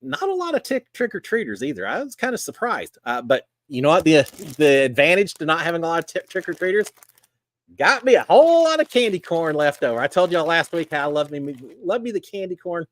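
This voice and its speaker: A man's voice: fairly high pitch, very animated, fairly quick. A middle-aged man with a Texan accent, hosting a casual livestream and chatting folksily with viewers. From Texas. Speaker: livestream host.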